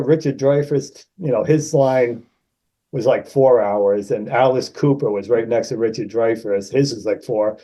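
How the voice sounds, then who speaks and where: A man in his sixties from Massachusetts, a guest actor telling animated anecdotes and acting out the people in them. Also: normal speed, poor audio. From Massachusetts, USA. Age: 60s. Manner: animated anecdotes, raises pitch to act out quoted people. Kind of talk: casual storytelling.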